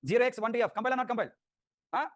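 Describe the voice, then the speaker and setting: A male teacher with a high, quick voice fires repeated questions at his class and teases them. The sound is dry and close. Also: a bit bright, no echo. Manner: drilling questions, repetitive, teasing students. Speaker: programming teacher.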